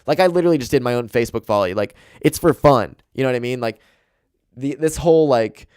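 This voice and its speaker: Young male podcast host, dry close mic, excitable and profane. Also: mid-range voice, fast, smooth, no echo. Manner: rambling, swears a lot, excitable. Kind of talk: casual solo chat. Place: home room with dog and carpet. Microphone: desk mic and camera.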